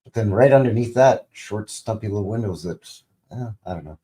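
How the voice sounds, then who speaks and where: A channel host in his fifties rambles through old TV clips in a casual livestream, loading his commentary with fillers and wry joking asides. His fairly low voice is unhurried, expressive and warm.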